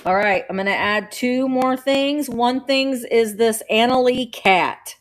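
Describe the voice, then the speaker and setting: A bubbly, chatty woman hosts a casual live sale, playful and a little sing-song. Her voice sits on the high side. She talks in an unhurried way. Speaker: vintage seller running a live auction.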